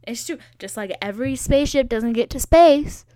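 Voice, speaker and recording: This podcast host has a high yet dark, clear, resonant voice and talks at normal speed in a dry, clean studio recording. Alone on the mic, she rambles casually, cracks self-deprecating jokes, and fills gaps with many fillers.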